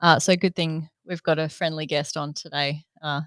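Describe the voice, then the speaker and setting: An Australian woman co-hosts a podcast with dry, teasing wit. Her voice is smooth and resonant, a little low. The recording is close and dry. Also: fairly even intonation, normal speed, fairly bright tone, dry recording. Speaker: podcast co-host. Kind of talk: casual podcast chat.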